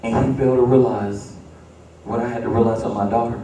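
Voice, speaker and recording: A man's voice: mid-range voice, fairly even intonation, brisk, warm tone, slight background noise. A man preaching a sermon as pastor, building to emphatic repeated refrains in a church sanctuary. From United States. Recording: echoey church, distant mic.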